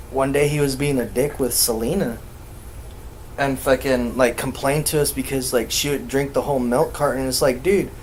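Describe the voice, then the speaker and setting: A man's voice: medium pitch, a little hiss or hum. A man, a podcast host, casually telling a ghost story with heavy swearing and acting out the quoted dialogue. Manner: profane, animated, acts out quoted dialogue.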